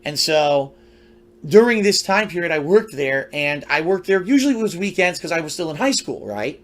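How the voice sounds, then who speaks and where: A high-voiced man tells a story from his past in a loose, rambling monologue. He talks conversationally, circling back with restarts and side remarks as he goes. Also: big pitch swings, moderate pace. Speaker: storyteller recounting his youth.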